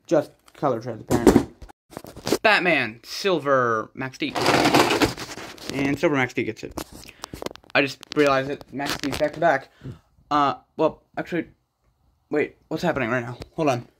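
A man giving quick, excitable play-by-play commentary of toy truck races on a rug at home. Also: medium pitch. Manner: quick excitable race calls with sudden exclamations. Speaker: race commentator and organizer. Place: indoors at home on a rug floor. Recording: loud background noise with clicks.

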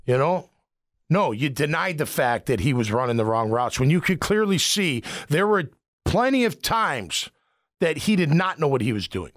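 A middle-aged former linebacker hosts a casual sports radio show, telling animated locker-room stories and laughing often. His voice sits on the high side, and the studio-quality recording has no echo.

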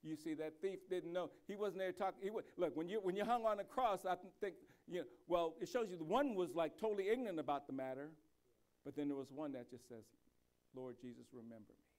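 A man, a pastor, preaching a sermon, moving between quiet reflective speech and loud, slow, emphatic delivery, with frequent restarts and repeated words. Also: high voice.

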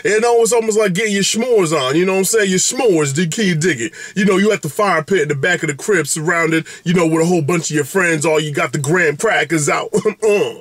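A man's voice: fairly quick, few pauses, fairly bright tone, no echo. A man giving an exuberant, playful vlog update as a food reviewer, swinging his voice up and down. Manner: exuberant, playful, big swings in pitch and catchphrases. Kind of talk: animated direct-to-camera vlog update.

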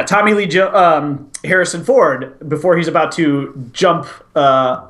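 A man's voice: fairly high pitch, measured pace, a crowd in the background. A man co-hosting a casual movie chat, rambling enthusiastically and often laughing. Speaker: co-host.

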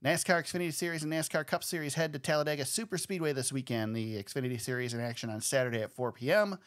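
A man hosting a podcast in casual chat, easygoing and quick to laugh. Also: mid-range voice. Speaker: podcast host.

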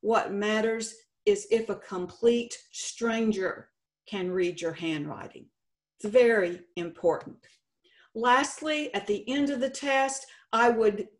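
A middle-aged woman with a Texan accent, a state contest director giving a folksy, lightly humorous conference presentation. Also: a little high. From Texas.

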